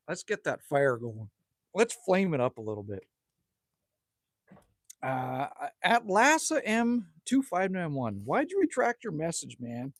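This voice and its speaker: A middle-aged man from Canada's Northwest Territories hosts a casual outdoor livestream by a campfire. His voice sits high with no echo, and he reads the chat aloud, chatting bluntly and joking with viewers.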